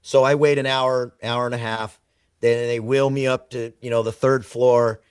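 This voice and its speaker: Man, podcast guest, animated storytelling, emphatic repetition, mid pitch, dry close sound. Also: normal speed, clean tone, dry recording. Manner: animated storyteller who acts out quoted dialogue; emphatic, repeats words for effect. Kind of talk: personal storytelling in conversation.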